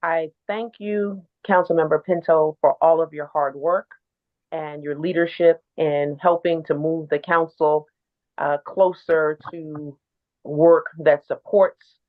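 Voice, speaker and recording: A woman commissioner giving formal, emphatic testimony at a public hearing. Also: sits low. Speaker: neighborhood commissioner. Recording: tinny phone line.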